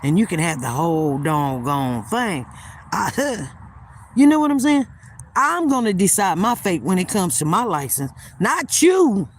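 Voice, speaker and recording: A livestream host tells a story emphatically, speaking straight to her viewers in a casual way. Her voice sits on the low side, very animated but unhurried.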